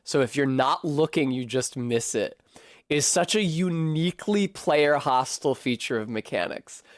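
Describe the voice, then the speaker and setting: A man's voice: mid-range voice, animated, a little slow, no echo, clean studio sound. A man streaming a video game, rambling casually and swearing as he goes off on tangents. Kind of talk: casual gaming commentary.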